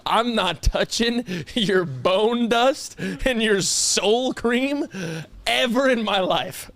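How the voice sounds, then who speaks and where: A man's voice: high voice, very slow, creaky, no echo. A man co-hosting a casual podcast, telling exaggerated comic stories with lots of laughter. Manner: animated comic storytelling, frequent laughter. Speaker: podcast co-host.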